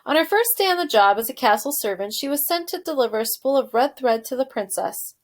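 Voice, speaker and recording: A woman teacher reading a children's novel aloud to her class and pausing to ask the students questions. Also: high-pitched. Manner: expressive narration with questions to students.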